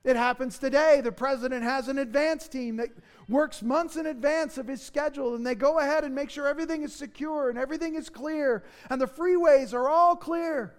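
High-voiced man preaching a sermon. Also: fairly quick. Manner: earnest, emphatic preaching with dramatic rises. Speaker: pastor.

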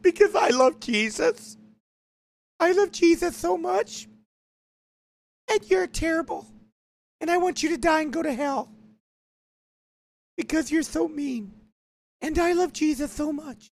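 A man doing a shrill weeping church lady. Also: unhurried, gravelly, long pauses, full character voice. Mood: tearful. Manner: weepy, high and pleading. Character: tearful self-righteous churchgoing woman.

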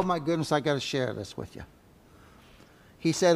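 A pastor preaching a dramatic sermon, swinging between loud exclamations and soft asides. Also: male voice, fairly high pitch, animated, normal speed, gravelly, pauses often. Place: church sanctuary. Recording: long church reverb.

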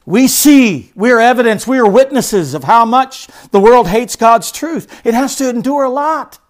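High-voiced male pastor preaching emphatically. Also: expressive, normal speed. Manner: emphatic, swings between loud declaration and hushed stress; repetitive preaching cadence. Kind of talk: sermon.

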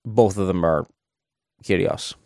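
A man's voice: sits low, slow pace, mellow, dry recording, clean studio sound. A man preaching a sermon in a conversational way, thinking aloud and adding asides as he explains a verse.

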